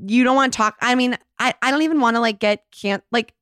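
A woman in her twenties hosting a casual chat, telling stories quickly with lots of fillers. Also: on the high side, fairly bright tone, dry recording, clean studio sound. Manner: chatty, fast storytelling with many fillers. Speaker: host.

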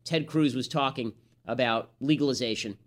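A man hosting a podcast, delivering combative, sarcastic political commentary as a monologue. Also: medium pitch. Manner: rapid-fire, sarcastic, combative. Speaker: podcast host.

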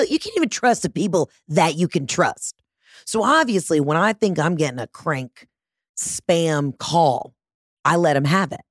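A woman hosting a podcast, telling a story in a casual, animated and profane way, mocking herself, on a close studio mic. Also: low-pitched, measured pace, no echo. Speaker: podcast host.

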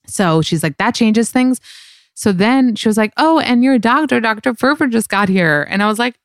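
A woman's voice: on the high side, lively intonation, normal speed, clean tone, dry recording, studio quality. A young woman hosting a podcast, telling a story in casual chat, candid and profane with lots of fillers. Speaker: podcast host.

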